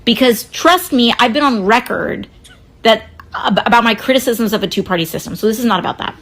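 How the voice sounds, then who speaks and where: A woman's voice: on the high side, lively intonation, a little fast, fairly bright tone. A woman politician speaking in a direct, conversational way in a casual social media video.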